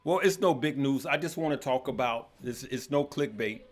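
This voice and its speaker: A man's voice: medium pitch, moderate pace. A man hosting a casual live stream, greeting viewers by name and chatting loosely with frequent fillers. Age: adult with children. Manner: greets viewers by name, stumbles over names. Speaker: livestream host. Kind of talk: casual livestream chat.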